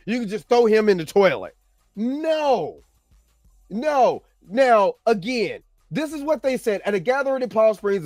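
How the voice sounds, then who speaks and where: High-voiced man ranting about movies. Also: dry recording. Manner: emphatic, repetitive, full of fillers and restarts. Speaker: show host. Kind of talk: opinionated commentary vlog.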